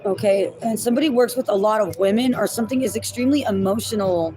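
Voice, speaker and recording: A woman's voice: mid-range voice, fast talker, dark tone, faint music behind, low-quality recording. A woman giving a casual tarot reading to her viewers, chatty, thinking aloud and laughing at herself as she goes. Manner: addresses viewers as y'all and my loves. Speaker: tarot reader.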